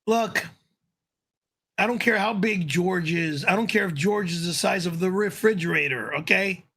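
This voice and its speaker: A man doing a gravelly, high-pitched, cursing ranter. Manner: cursing, quick-tempered, flies into high-pitched yelling. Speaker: host of a live stream. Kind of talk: irate live-stream rant.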